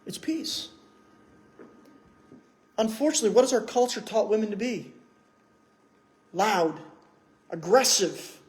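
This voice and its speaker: A man's voice: extremely high pitch, darkish tone. A man preaching a sermon in church, conversational, with many rhetorical questions. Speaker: pastor.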